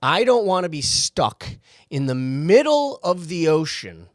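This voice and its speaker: A man co-hosting a podcast, chatting casually, animated and swearing as he tells stories. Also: fairly high pitch, unhurried, no echo, clean studio sound. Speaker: podcast co-host. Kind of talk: casual chat.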